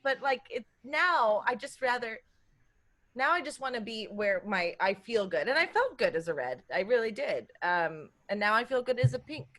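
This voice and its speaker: Sassy young woman co-host, casual tasting talk, animated intonation. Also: on the high side, normal speed. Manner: chatty, sassy, expressive. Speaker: podcast co-host. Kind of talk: casual chat, whisky tasting.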